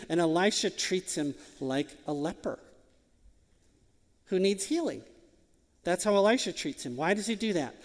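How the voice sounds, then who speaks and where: A male pastor delivers a sermon in a high, lifted voice, pressing his points with repeated rhetorical questions. His voice rings out with a long reverb, as if filling a church hall. The delivery is emphatic and direct.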